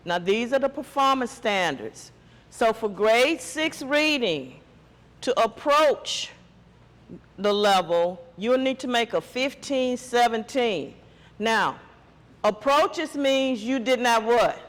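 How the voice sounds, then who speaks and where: High-voiced man teacher quizzing students. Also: expressive, takes it slowly, fairly bright tone, long reverb tail. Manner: quizzing students with call-and-response questions. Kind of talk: classroom test-prep lesson.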